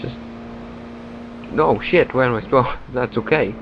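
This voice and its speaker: A man's voice: medium pitch, normal speed, vocal fry, a bit bright. Joking man playing a driving game. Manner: joking, blurts reactions and swears. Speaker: gaming channel host. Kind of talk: casual gameplay commentary. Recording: dull, lo-fi mic over game music. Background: game music.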